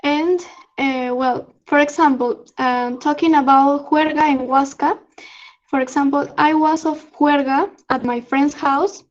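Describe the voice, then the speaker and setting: A young Peruvian woman with a Spanish accent, teaching slang in an online lesson, halting with many fillers and frequent laughs. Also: high-pitched, steady tone, muffled recording. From Peru. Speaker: student exchange presenter. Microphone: video call.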